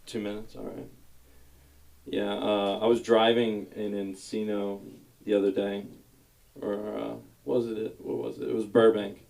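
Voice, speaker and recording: A man's voice: on the low side, flat delivery, a little slow, gravelly, darkish tone, poor audio. A man performing a stand-up comedy set on a club stage, telling self-mocking, rambling stories into a stage mic.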